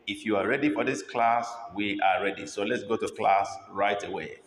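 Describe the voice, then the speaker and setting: A man with a Nigerian accent teaching a spoken language lesson, repeating each word slowly and deliberately for learners. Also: on the low side, steady tone, slight background noise. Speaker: language tutor.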